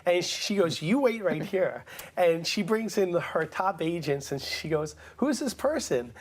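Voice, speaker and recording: A man speaks as a guest on an interview program, spinning a lively anecdote. He plays every character himself, changing his delivery for each quote he relates. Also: high voice, unhurried. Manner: animated storyteller acting out quotes. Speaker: guest, writer-director-producer. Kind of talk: casual storytelling interview.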